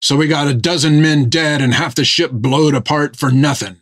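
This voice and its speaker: A man voicing a gruff, stern one-legged old sailor who speaks in blunt rough seaman's dialect. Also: on the high side, normal speed, voice pushed up, natural voice.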